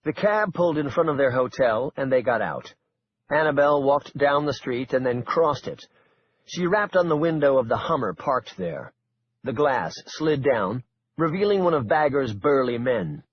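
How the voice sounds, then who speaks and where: A man narrating a suspense audiobook in an expressive, dramatic way. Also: mid-range voice, normal speed, slightly rough, muffled recording.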